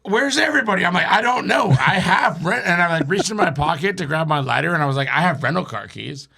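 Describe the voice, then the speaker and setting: A man with a gravelly, slightly high voice tells a long, rambling story on a podcast. He swears freely and laughs along as he talks. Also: animated, fast talker, bright, forceful tone. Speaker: podcast guest. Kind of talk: casual storytelling.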